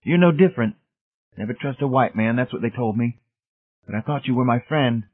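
A man's voice: medium pitch, expressive, fairly quick, pitched above the performer's own voice, lightly acted. A man voicing a bitter, wounded younger man who shrilly accuses a friend of betrayal. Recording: tinny phone-like audio.

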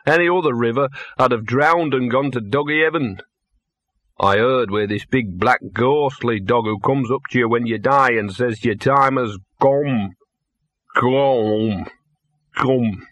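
A man doing a hoarse, cynical drunken dog. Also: mid-range voice, unhurried, a bit bright, dry recording, lightly acted. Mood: self-pitying. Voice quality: hoarse, gruff. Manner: grumbling, self-pitying, lecturing. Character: scruffy cynical drunken little male dog.

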